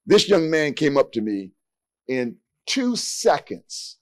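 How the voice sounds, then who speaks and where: A man's voice: fairly high pitch, sing-song, slow pace, dry recording, clean studio sound. A man in his sixties moderating a panel discussion from a podium, with folksy joking asides. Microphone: podium mic.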